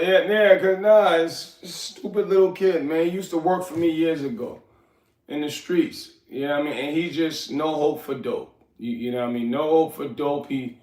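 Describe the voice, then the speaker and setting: A man's voice: on the high side, darkish tone, roomy sound, recorded from a distance. Rambling man on a livestream. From New York. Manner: rambling, streetwise, talks to the chat. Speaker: livestream host. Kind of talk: casual livestream chat.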